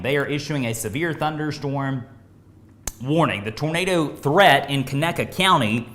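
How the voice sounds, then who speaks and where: Male meteorologist on live storm coverage, urgent and repetitive, voice tiring, slightly raised pitch, roomy echo. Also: unhurried, a bit bright. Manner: urgent, repeats warnings. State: voice tiring from talking all day. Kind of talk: live severe weather coverage.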